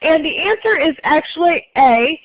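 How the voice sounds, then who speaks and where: Woman instructor, high voice, brisk lecture style, dull dry lo-fi classroom recording. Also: animated, no room sound. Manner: brisk, polls students and repeats answers. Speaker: accounting instructor.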